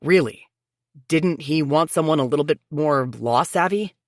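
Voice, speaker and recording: Woman voicing a gruff male detective. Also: low voice, moderate pace, a little mellow, dry recording, clean studio sound, close to an everyday voice. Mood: questioning. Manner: blunt, accusing. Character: stern suspicious male police detective. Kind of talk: audiobook character voice.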